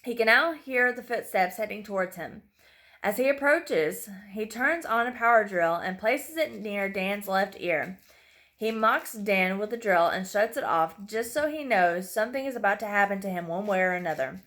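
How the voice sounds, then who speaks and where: Woman narrating a dark horror story. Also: medium pitch, expressive, normal speed. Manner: reads with occasional slips and apologies.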